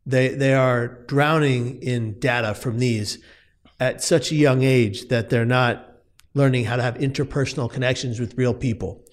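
A man's voice: mid-range voice, steady tone, moderate pace. A man speaking as an interview guest, telling a personal story earnestly and with emphasis, often restarting his words.

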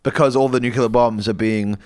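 A man's voice: mid-range voice, fairly even intonation, fairly quick, darkish tone, no room sound, clean studio sound. A man co-hosting a comedy podcast, rambling through an improvised story with fillers, restarts and giggles.

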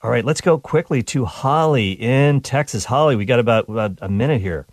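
A man's voice: mid-range voice, animated, brisk, no echo, clean studio sound. A man from Canada hosting a live radio call-in show, upbeat and joking with his callers.

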